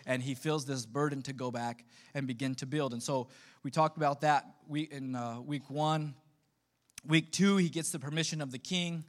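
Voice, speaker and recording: A man in his thirties preaching a relaxed, conversational sermon as pastor, full of joking asides to his congregation. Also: mid-range voice, normal speed.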